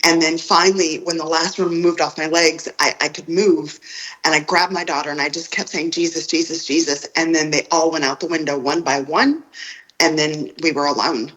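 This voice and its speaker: A woman on a phone call, recounting a personal story in a halting way, often repeating her words. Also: sits low, steady tone, fairly bright tone. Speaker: guest telling her own story.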